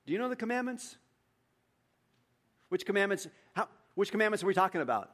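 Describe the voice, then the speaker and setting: Animated preacher man with a higher voice. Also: a little fast, long pauses. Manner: animated preaching, voice rising high and loud for emphasis, then dropping quiet; acts out dialogue with his congregation. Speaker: pastor. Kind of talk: sermon.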